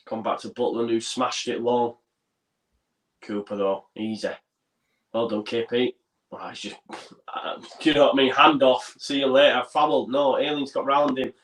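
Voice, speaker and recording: Calling plays as they unfold, a male co-host chats casually through a fan watchalong of a football match. His medium-pitched, fairly bright voice is flat and moderately paced, in a room with noticeable echo.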